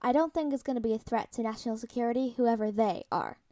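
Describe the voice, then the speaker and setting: A wry, deadpan grown man who teases calmly, as a woman reads him. The voice is mellow and set close and dry. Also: on the high side, fast, no room sound, close to an everyday voice. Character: Bucky, wry easygoing adult man.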